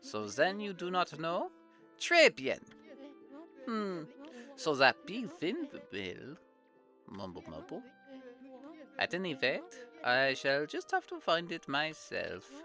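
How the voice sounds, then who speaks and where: A woman's voice: low-pitched, wildly swooping pitch, slow pace, bright, forceful tone, soft background music, heavily acted. A woman voicing a suave male prophet with showy French flair, reading game dialogue aloud with smug theatrics.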